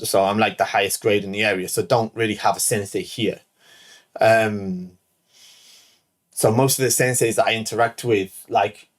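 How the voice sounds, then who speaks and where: A man in his thirties, a show host, telling a rambling personal anecdote full of "like" and "right?". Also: fairly low pitch. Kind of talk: casual storytelling.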